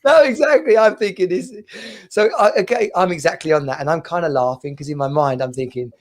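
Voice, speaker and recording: A man's voice: on the high side, a little fast. A man co-hosting a podcast, telling anecdotes in casual banter and laughing through them. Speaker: podcast co-host.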